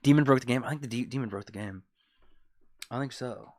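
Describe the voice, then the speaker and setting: A man's voice: mid-range voice, fairly quick, darkish tone. A man streaming a fighting game, reading chat aloud and joking in a laid-back, casual way. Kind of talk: casual live-stream chat while gaming.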